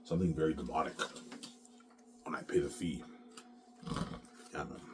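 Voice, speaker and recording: A man's voice: a bass voice, moderate pace, background noise. A sick, coughing man hosting his own show in a rambling, profane monologue that keeps coming back to "man". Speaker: solo show host.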